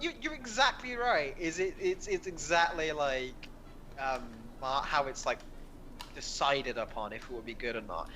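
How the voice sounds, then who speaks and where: A man's voice: a little high, normal speed, a bit bright. A man co-hosting a casual podcast, joking and swearing freely.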